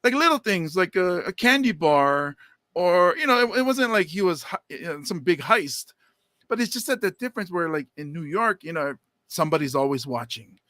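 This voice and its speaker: A man co-hosting a podcast, telling stories in casual chat and jumping into high quoted voices. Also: lively intonation, moderate pace, bright, forceful tone, no echo. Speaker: podcast co-host.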